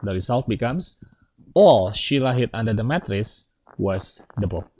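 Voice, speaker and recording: A man's voice: lowish voice, expressive, unhurried, darkish tone, poor audio. A man teaching an English grammar lesson, explaining step by step and checking in with his students.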